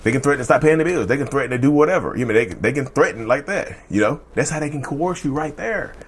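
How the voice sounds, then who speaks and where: A man speaks in a loose, rambling monologue, circling back to the same phrases and talking straight to his viewers. His pitch sits at an ordinary middle level, and he slips into quick put-on voices now and then. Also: animated, breathy edge. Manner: rambling, repeats phrases, calls viewers "y'all"; acts out short quoted threats in a changed voice. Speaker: mental health video host. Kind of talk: casual explanatory monologue.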